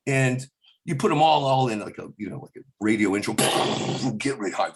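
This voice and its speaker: Animated man telling stories with impressions. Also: lowish voice. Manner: slips into quick celebrity impressions mid-story; rambling, restarts sentences often. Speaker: stand-up comedian. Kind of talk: animated storytelling.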